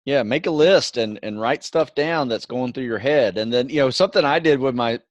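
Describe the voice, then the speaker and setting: A middle-aged man co-hosting a podcast, explaining things in a relaxed, casual way and often adding "you know" and "right". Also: medium pitch, a little fast, no room sound, muffled recording. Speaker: podcast co-host.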